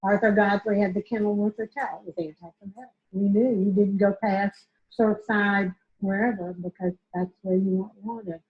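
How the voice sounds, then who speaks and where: A woman from Tampa reminisces in a documentary interview, speaking in a reflective, unhurried way. The audio is dull and lo-fi, like a clip played from a film. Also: mid-range voice, steady tone.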